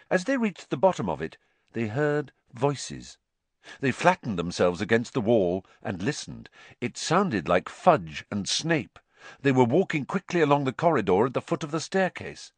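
Expressive male audiobook narrator. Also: fairly low pitch, no echo. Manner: expressive, acts out each character. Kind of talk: audiobook reading.

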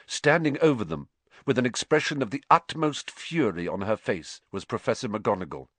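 A man reading a story aloud as an audiobook narrator, in a lively, dramatic storytelling manner. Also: on the low side, normal speed, no room sound.

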